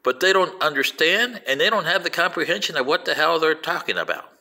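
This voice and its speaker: Older male storyteller, gravelly and bright-toned, animated delivery full of quoted voices. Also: on the high side, fairly quick. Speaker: vlogger playing an alien commentator. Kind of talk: rambling anecdotal monologue.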